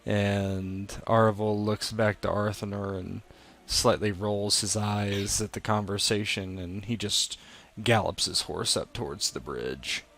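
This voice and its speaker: A man playing in a tabletop game, halting and deliberate. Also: on the low side, fairly even intonation, fairly bright tone. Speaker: player.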